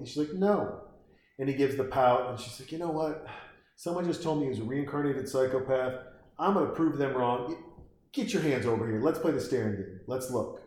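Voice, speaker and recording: A man's voice: medium pitch, a little mellow, reverberant. A man casually ranting and making sarcastic, profane commentary while reacting to a movie.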